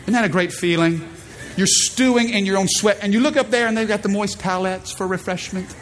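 A man's voice: high-pitched, a little fast, a bit bright, a faint crowd, a little hiss or hum. A man in his thirties preaching a sermon from a church stage, emphatic and calling out to the congregation. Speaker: pastor. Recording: long hall reverb, faint ambience.

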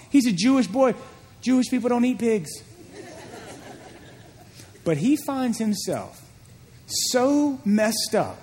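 A man with a high voice preaches a sermon in a church, retelling a story with animated energy and frequent repetitions. His voice rings out with a long hall reverb behind it. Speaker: pastor.

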